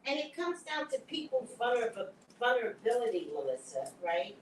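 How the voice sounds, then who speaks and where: A woman's voice: a little high, big pitch swings, moderate pace, a little hiss or hum, low-quality recording. A woman hosting a casual book discussion. She talks candidly and laughs while telling stories. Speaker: host.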